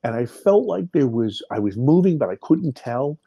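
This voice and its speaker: A man's voice: medium pitch, very animated, moderate pace, mellow, breathy edge, dry recording, lo-fi sound. A man in his fifties, a podcast guest, vividly retelling a personal experience with many restarts. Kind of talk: personal storytelling in an interview.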